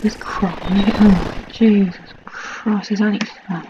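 A woman's voice: mid-range voice, steady tone, takes it slowly, lo-fi sound. A woman chatting and swearing to herself while playing a game, with exasperated asides. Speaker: game streamer. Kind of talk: casual chat while playing. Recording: loud background noise.

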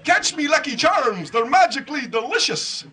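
A man voicing a boisterous stage-Irish character in a deliberately bad, overdone lilt, pitched above his usual voice. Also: sing-song, sharp tone, exaggerated voice. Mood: mock-gruff. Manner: slow, jokey, deliberately bad accent.

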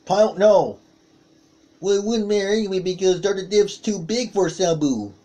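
A man doing play-by-play commentary on a wrestling match, calling out moves with excited exclamations. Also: sits high, normal speed.

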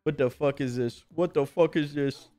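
A young man in his twenties chatting live while he games, joking and teasing with plenty of swearing. His voice sits fairly high and stays smooth and clear. Faint music plays under his talk. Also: moderate pace, warm tone. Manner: profane, joking and teasing, bursts into laughter. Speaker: streamer. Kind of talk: casual live-stream chat while gaming.

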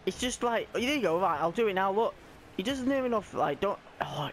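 A young man giving live, excitable commentary on his own gameplay, often shouting and squealing as his voice cracks high. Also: fast, slight background noise. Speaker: gaming YouTuber.

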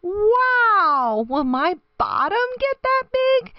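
A spunky little girl hippo from a storybook, high and giggly and full of excitement, as a woman reads her lines. Her voice swings up and down in a lively way. The recording is dry and a bit dull. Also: unhurried, no echo, heavily acted. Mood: excited.

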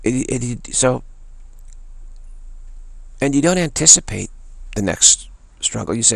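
A man giving an earnest spiritual teaching talk, repeating phrases and softly chanting a mantra. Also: medium pitch, animated, unhurried, vocal fry, pauses often, no echo.

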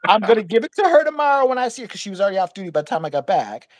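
A woman host tells a story in loose, profanity-laced chat, jumping between voices for the people in it. Her pitch rises and falls all over the place. The sound is dry and close, with no room in it. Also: very animated, rapid-fire, no room sound. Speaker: podcast host.

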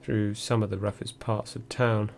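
Low monotone guy reading a memoir audiobook, dry and measured, faint hum behind. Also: vocal fry. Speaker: audiobook narrator. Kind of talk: first-person memoir reading.

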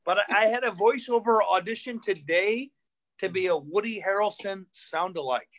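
Animated male comic telling stories. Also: high voice, moderate pace. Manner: animated, repeats himself, acts out voices. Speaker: stand-up comedian. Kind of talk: comedic storytelling on a live online show.

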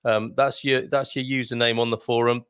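A man's voice: medium pitch, level tone, moderate pace, fairly bright tone, clean tone, no room sound. A man hosting a casual livestream, chatting playfully and reading out viewer comments. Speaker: host.

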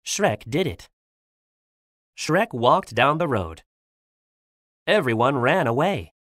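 A woman slowly and clearly reading a simple English storybook aloud for learners, with lively expression. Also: no room sound, clean studio sound. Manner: very lively pitch, raises her voice for quoted lines. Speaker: reader of a graded English storybook.

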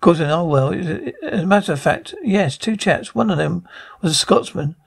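Brief: flustered, stammering prison commandant, read by a man, raspy and high. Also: animated, moderate pace, full character voice.

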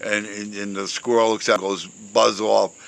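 A man hosting his own show outdoors, chatting casually in a loud, forceful, outspoken way and chuckling often. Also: on the low side, little pitch movement, a little fast, clear, resonant tone, poor audio. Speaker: show host showing memes and pictures. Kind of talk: casual rambling commentary. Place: outdoors in a breeze.

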